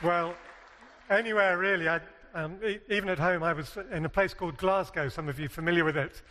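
A man's voice: high voice, a little fast, sharp tone, some chatter behind, slight background noise. A British man speaking at a conference seminar, chatty and jokey, asking the audience questions. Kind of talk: conference talk to a live audience. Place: large hall with a live audience. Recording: long hall reverb.

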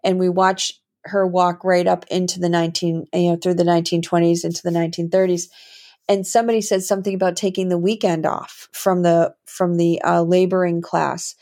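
A woman's voice: fairly low pitch, flat delivery, brisk, a little mellow. A woman hosting a reflective solo talk as a healing coach, musing in a rambling way with many fillers and restarts. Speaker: podcast host and healing coach.

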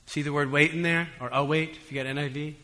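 A male pastor delivers a sermon with a bright, forward voice, drifting between relaxed, conversational storytelling and emphatic, raised appeals to the room. His words ring out with a long reverb tail from the church hall. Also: a little high, fast. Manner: conversational preaching with humorous asides; swings between soft and emphatic.

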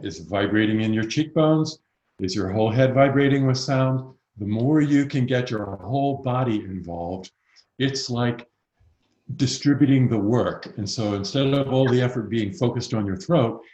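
A man working as a voice coach, calmly explaining breathing and resonance with slow, measured pauses. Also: on the low side, reverberant, dull audio. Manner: calm, explains slowly with pauses. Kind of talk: expert advice in a conversation.

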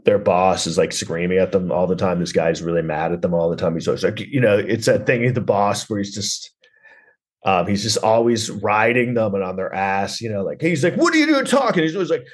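A deep-voiced podcast host keeps a steady tone at normal speed while sarcastically rambling through a comedic movie review. He restarts constantly and leans heavily on "like."

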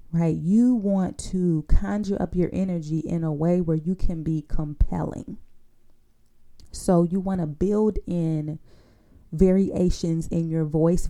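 A woman teaching public speaking in a podcast, her voice low and very dark in tone. There is a gravelly fry in it as she works through her points, repeating key lines and checking in with her listeners. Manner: coaching, often adds a tag question for agreement; repeats key phrases for emphasis. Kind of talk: instructional podcast monologue.

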